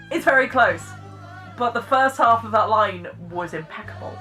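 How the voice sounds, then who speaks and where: Bright-voiced British woman chatting. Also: fairly high pitch, animated, normal speed, faint music behind. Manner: chatty, self-deprecating, laughs often. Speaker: vlogger reacting to clips. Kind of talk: casual reaction commentary.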